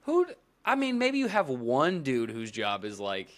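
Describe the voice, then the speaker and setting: A young man co-hosting a casual chat podcast, talking in animated, rambling bursts and acting out quoted voices. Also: medium pitch, measured pace. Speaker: podcast co-host.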